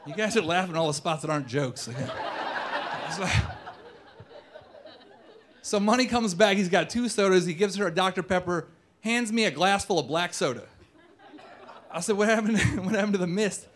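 A man performing a personal story on stage, conversational and animated, acting out the dialogue. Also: high voice, normal speed, pauses often, a little hiss or hum. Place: dance studio performance venue.

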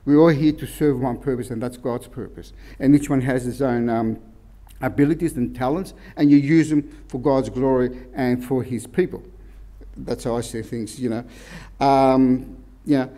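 A man's voice: mid-range voice, steady tone, normal speed, warm tone. A man preaching an informal, rambling sermon and often restarting his sentences. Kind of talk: conversational sermon.

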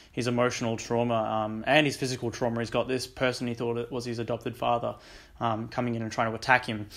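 A man's voice: mid-range voice, a bit bright. A young man hosting a book channel, casually recapping a story in a rambling way full of ums and likes. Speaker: book discussion channel host.

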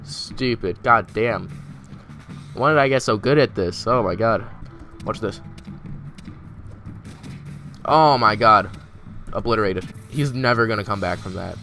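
Man, gameplay commentator, low and bright, excitable trash talk, faint game music behind. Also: measured pace, long pauses. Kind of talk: casual let's-play commentary.

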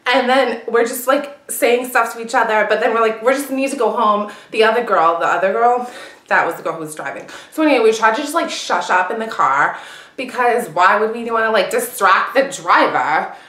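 A woman's voice: fairly high pitch, normal speed, a bit bright, lightly acted. A young woman improvising as a brash, gossipy party girl, chattering with constant fillers in an echoey room. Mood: heated. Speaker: actor auditioning. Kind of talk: improvised character monologue. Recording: roomy echo.

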